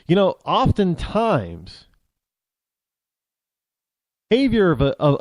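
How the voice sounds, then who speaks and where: Rambling American man with a lively voice. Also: mid-range voice, dry recording, studio quality. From United States. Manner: rambling, halting, with many restarts. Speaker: talk show host. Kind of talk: opinionated monologue.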